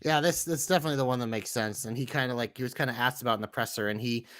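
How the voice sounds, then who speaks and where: Man, podcast co-host, rapid delivery, dry studio sound, wry asides. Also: medium pitch, fairly bright tone, dry recording. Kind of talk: casual wrestling chat.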